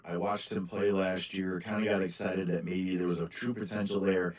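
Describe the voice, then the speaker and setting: A man with a low, deep voice talks to his viewers in a loose, rambling way, stopping and restarting his sentences. He sounds worn out after a long day, yawning between thoughts. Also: poor audio. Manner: rambling, frequent ums and restarts, candid. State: tired, yawning. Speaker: sports card seller and channel host. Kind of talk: casual monologue to camera.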